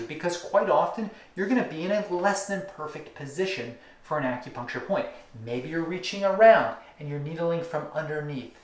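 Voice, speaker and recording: Man demonstrating with rhythmic, drawn-out emphasis. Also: on the high side, echoey room. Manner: rhythmic, drawn-out emphasis, drops to near-whispers on repeated words. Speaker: acupuncture teacher. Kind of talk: instructional demonstration.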